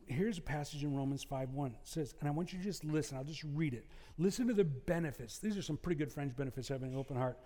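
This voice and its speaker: Pastor preaching in a reverberant hall. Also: male voice, a little high, quick pace, hardly any pauses, dark tone. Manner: conversational preaching with asides and humor. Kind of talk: sermon.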